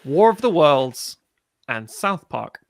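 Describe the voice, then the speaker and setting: A man in casual film chat, animated, swearing freely and mimicking people as he tells a story. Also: on the high side, slow, creaky, no echo, clean studio sound. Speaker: podcast co-host.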